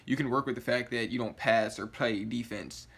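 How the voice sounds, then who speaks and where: A man's voice: mid-range voice, normal speed, gravelly, fairly bright tone, slightly rough. Dude ranting about his team, groggy and yawning, keeps saying like, mid voice, mad and rambling. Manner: frustrated, rambling, swearing, many "like" fillers. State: yawning and groggy, just woken up. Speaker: sports vlogger. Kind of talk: casual rant to camera.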